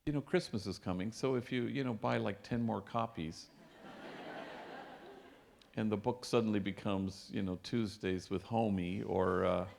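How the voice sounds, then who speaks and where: Gravelly-voiced priest telling stories. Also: male voice, on the low side, normal speed, slight background noise. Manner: warm anecdotal storytelling with Spanish phrases. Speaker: priest and speaker. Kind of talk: storytelling lecture. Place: lecture hall.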